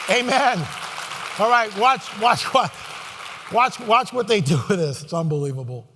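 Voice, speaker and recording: A man giving a live Christian prophecy talk to an audience, sarcastic and animated, full of rhetorical questions. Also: high voice, normal speed, background noise. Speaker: conference speaker. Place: large hall. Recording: long hall reverb.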